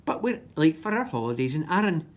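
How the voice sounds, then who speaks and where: A woman's voice: low-pitched, big pitch swings, brisk. A woman with a Scottish accent voicing a kindly, unflappable old granny in a storybook reading. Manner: soothing and cheerful.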